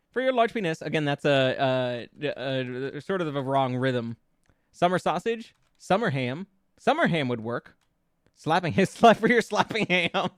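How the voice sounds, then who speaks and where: Casually chatting on his VTuber live stream, a man with a medium-pitched voice giggles often and stumbles over restarts while he and his chat playfully work out song lyrics. The recording is dry and studio-clean.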